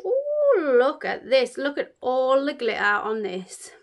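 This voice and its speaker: Gushing chatty woman, slightly high voice. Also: measured pace. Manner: chatty and gushing, with many fillers. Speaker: beauty vlogger. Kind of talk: casual product unboxing chat.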